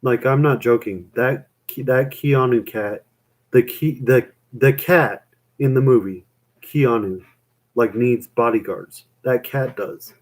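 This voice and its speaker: A man's voice: mid-range voice, takes it slowly. A young man chatting on a live stream, rambling with lots of fillers and casual swearing.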